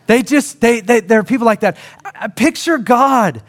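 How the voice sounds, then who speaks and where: A man's voice: very high voice, lively intonation, moderate pace. A middle-aged man preaching a sermon, earnest and conversational, acting out quoted voices. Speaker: pastor.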